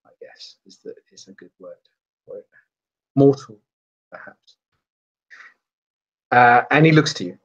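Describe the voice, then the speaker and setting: A man narrating a tabletop role-playing game as game master, pausing and searching for words. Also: fairly low pitch, breathy edge. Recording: dull lo-fi sound.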